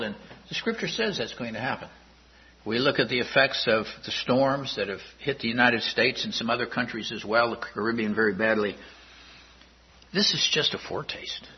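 A man, a pastor, preaching a sermon, working through Bible verses with measured explanation and reading the passages slowly. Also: mid-range voice, breathy edge, muffled recording.

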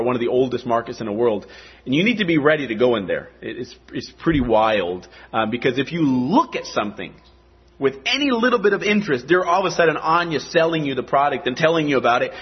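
Husky man preaching a sermon. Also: mid-range voice, highs cut off. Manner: conversational preaching with dramatic asides. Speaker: pastor.

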